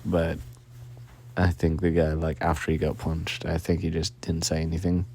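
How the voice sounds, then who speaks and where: Very deep, sleepy yawning boyfriend, whispered role-play. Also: male voice, completely flat delivery, moderate pace, creaky, a little mellow. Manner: sleepy, yawning, affectionate and giggly.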